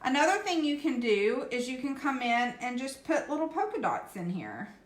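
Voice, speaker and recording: A woman's voice: high voice, sing-song, normal speed, echoey room. A woman hosting a casual painting tutorial, chatty and reassuring, often checking in with "okay?". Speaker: craft channel host.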